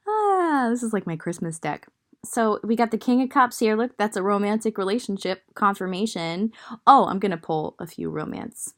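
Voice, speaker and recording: A woman's voice: medium pitch, animated, normal speed, fairly bright tone. A young woman with a Southern US accent giving a casual, rambling tarot reading, thinking aloud with many fillers. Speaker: tarot reader.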